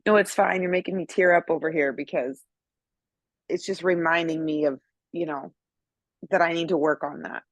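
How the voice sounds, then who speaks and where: A woman's voice: sits low, steady tone, normal speed, long pauses, no room sound. A woman on a group video call asking a coach a question, hesitant and full of self-doubt.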